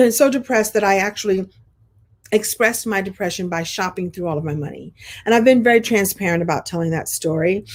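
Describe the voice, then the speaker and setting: A middle-aged woman from Brooklyn tells a story to her online group. She is chatty and animated, with restarts and frequent throat clearing. Her sinuses sound congested. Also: mid-range voice. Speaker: host of a coaching program.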